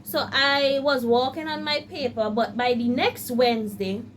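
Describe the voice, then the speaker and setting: High-voiced, animated woman telling a story. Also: unhurried, a little hiss or hum. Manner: animated, addresses viewers directly; acts out her own past panic in quoted asides. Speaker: law student vlogger. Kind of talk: casual storytelling vlog.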